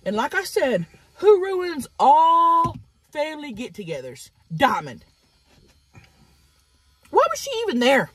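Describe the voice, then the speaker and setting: A woman vlogger telling a crude story in a fast, animated way while eating. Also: high voice, dry recording.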